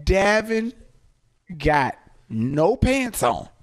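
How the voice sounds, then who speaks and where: Animated high-voiced man telling a story. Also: drawn-out words. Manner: animated, laughing often, acts out quotes. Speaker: podcast host. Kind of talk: casual storytelling. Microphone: podcast studio mic.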